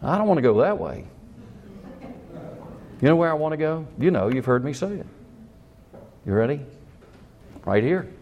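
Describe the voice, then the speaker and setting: An older man, a pastor, delivers a sermon animatedly, acting out the quotes he relates, in a mid-range voice.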